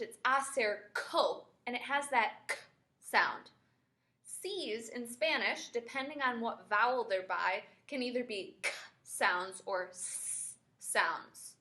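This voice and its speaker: A woman's voice: a little high, sharp tone. A woman teaching a Spanish grammar lesson who patiently spells words out letter by letter.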